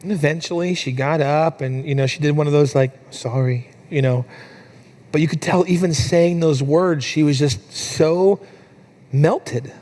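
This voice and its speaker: A young adult man preaching a sermon in a church, telling a family story with lively, animated delivery. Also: fairly high pitch, normal speed. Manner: storytelling, animated when quoting his daughter. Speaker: pastor.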